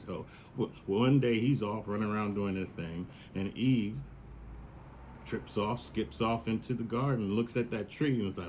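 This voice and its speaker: Male podcast host, low-ish, profane casual storyteller. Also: moderate pace, a little hiss or hum. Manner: profane, slangy, animated retelling.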